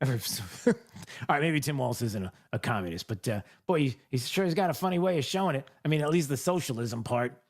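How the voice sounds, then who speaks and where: A man hosts a political commentary show in a sarcastic, mocking tone. His voice is animated and swings widely in pitch as he talks into the mic. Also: fast talker, few pauses.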